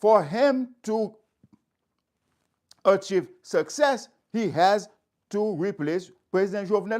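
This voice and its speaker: A man's voice: high-pitched, slow pace, pauses often, a little mellow. A man speaking straight to his viewers, stressing his points by repeating phrases. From Haiti. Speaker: community speaker. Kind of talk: impassioned address to viewers.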